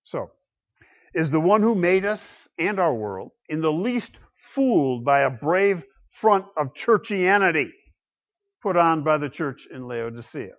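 A man preaching a sermon, swinging between loud declarations and quiet asides. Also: fairly high pitch, big pitch swings, unhurried. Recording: dull lo-fi sound.

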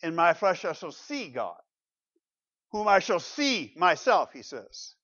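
A man preaching a sermon in a church, swinging from loud emphatic declarations to low asides and asking the congregation rhetorical questions. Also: very animated, slow, no echo, muffled recording. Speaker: pastor.

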